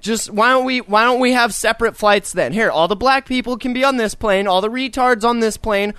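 Young male podcast host, high voice, dry close sound, profane exasperated rants. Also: brisk, pushed and bright, smooth, dry recording. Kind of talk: casual ranting podcast chat.

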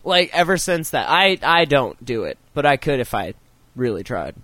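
A man co-hosting a podcast, chatting and reading an article aloud, animated and joking, with frequent swearing. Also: mid-range voice, normal speed, dry recording. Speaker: podcast co-host.

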